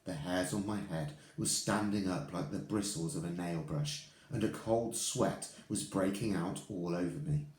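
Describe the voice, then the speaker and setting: A man reading a children's book aloud to his listeners, with expressive, animated storytelling. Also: sits low, normal speed, hardly any pauses, echoey room.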